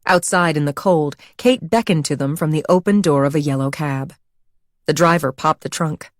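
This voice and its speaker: A woman reading a thriller audiobook as narrator, in an even, measured storytelling manner. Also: low voice, no echo, clean studio sound. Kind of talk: scripted narration.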